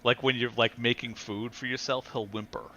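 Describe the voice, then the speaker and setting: A man's voice: mid-range voice, little pitch movement, fairly quick, sharp tone, muffled recording, a little hiss or hum. A man hosting a casual podcast chat, joking and laughing often. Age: adult with a wife. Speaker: podcast host.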